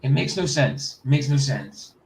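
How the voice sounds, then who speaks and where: A man's voice: mid-range voice, animated, moderate pace, creaky, rough recording. A man hosting a casual reaction stream, bluntly skeptical and firing off rhetorical questions. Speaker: host.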